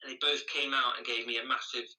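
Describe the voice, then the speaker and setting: Chatty male guest, bright, sharp-toned voice, a bit distant from the mic. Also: mid-range voice, level tone, fast talker. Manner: chatty storyteller, frequent restarts. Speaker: podcast guest, charity runner. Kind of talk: casual interview chat.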